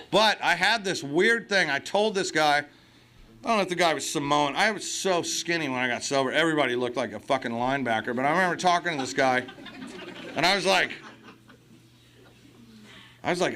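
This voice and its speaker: A man's voice: fairly high pitch, lively intonation, quick pace, sharp tone. A man speaking at a recovery meeting, telling blunt, profane, comic stories to a live crowd. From United States. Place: meeting hall before an audience.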